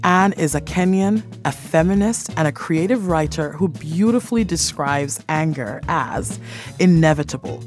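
A woman from Sierra Leone hosting a radio program, reading measured introductions. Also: low voice, expressive, darkish tone, faint music behind. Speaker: radio host.

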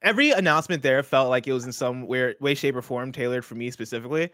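A young man co-hosting a casual talk show, eager and excitable, asking quick questions. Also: mid-range voice, no room sound, clean studio sound. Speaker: podcast co-host. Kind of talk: casual chat.

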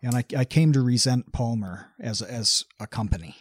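A man co-hosting a podcast, telling stories in a casual, deadpan, understated way. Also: medium pitch, normal speed, no echo, clean studio sound. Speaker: podcast co-host. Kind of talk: casual chat.

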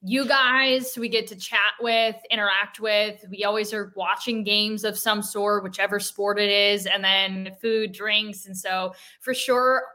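Bright-voiced woman co-hosting a chat show. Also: medium pitch, steady tone, a little slow, hardly any pauses. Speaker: podcast co-host. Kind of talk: casual chat.

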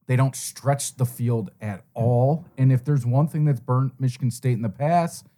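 A man's voice: mid-range voice, moderate pace. A man co-hosting a sports podcast, rambling through his views on college football in casual chat. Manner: rambling, animated. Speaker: co-host.

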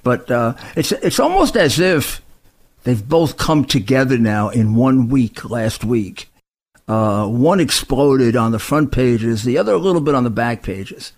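A man's voice: medium pitch, animated. Rambling man co-hosting a political talk show. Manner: rambling, quick, with many restarts and asides. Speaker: co-host.

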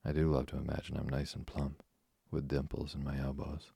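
A man's voice: rumbling low, monotone, fairly quick, gravelly, mellow, breathy edge, no echo, clean studio sound, full character voice. A man voicing a chatty, imaginative orphan girl who rambles eagerly in a storybook reading. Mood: chattering.

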